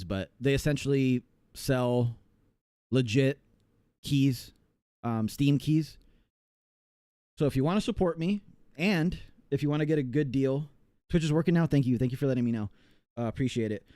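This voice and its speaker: A man's voice: mid-range voice, dark tone, clean tone, dry recording, clean studio sound. A man from the United States chatting casually on a live game stream, rambling and reading chat aloud with many fillers.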